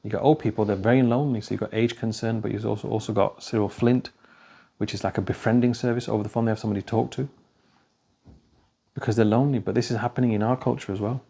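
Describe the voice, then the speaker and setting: A man's voice: on the low side, fairly even intonation, fast talker, creaky, mellow, husky. A man giving a conversational religious talk, telling stories and acting out the dialogue. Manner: anecdotal, conversational, acts out dialogue. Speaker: speaker at a talk.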